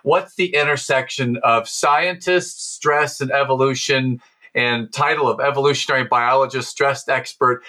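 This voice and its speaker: A man hosting a podcast interview, enthusiastic and quick to exclaim in surprise. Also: mid-range voice, steady tone, sharp tone. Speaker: podcast host. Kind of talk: interview conversation.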